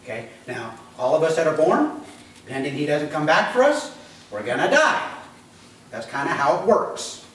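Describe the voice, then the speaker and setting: A man's voice: fairly high pitch, very animated, moderate pace, a bit bright, heavy reverb, distant mic, a little hiss or hum, poor audio. A man preaching a sermon as pastor, talking conversationally, quizzing the congregation and acting out voices. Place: church.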